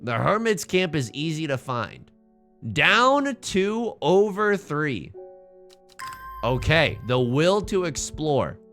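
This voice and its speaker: Jokey male streamer, lively pitch. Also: slow pace, faint music behind. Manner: jokey, reads game text aloud with silly voices. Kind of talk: casual game commentary.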